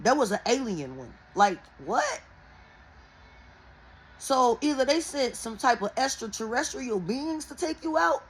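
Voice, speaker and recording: A woman who reads tarot, telling viewers a dream in a casual, animated and heavily profane way. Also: fairly high pitch, husky, rough recording. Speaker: tarot and oracle reader.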